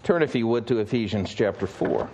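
A man's voice: mid-range voice, animated, fairly quick, darkish tone, a little hiss or hum. A male pastor preaching a sermon, telling stories conversationally with frequent fillers.

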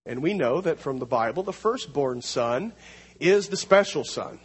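A man preaching a sermon, teaching through a Bible passage, slowing down to read scripture aloud. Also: a little high, expressive, breathy edge, big-room sound.

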